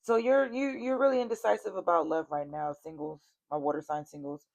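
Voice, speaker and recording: Brisk and gravelly, the tarot reader's lowish, darkish voice holds a steady tone as she talks directly to viewers. She's blunt, curses freely and keeps repeating her warnings in this casual reading.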